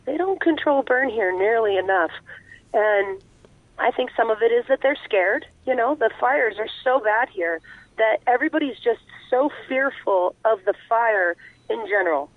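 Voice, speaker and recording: This call-in interview guest is a woman with a fairly high, animated voice and a moderate pace, earnestly explaining her views in long, run-on thoughts. The recording is dry, coming through a tinny phone line. Her talk is conversational explanation.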